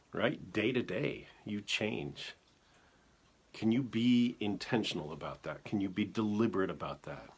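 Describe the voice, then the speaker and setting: A man's voice: fairly low pitch, breathy edge. A man hosting a casual motivational live stream who reflects aloud and keeps putting questions to the viewers. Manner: greets viewers by name as they join.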